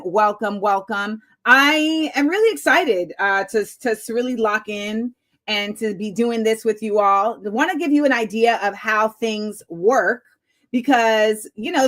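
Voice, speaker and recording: A woman hosting a live-streamed talk show, chatty and excitable and laughing often as she greets viewers. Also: fairly high pitch. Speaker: host.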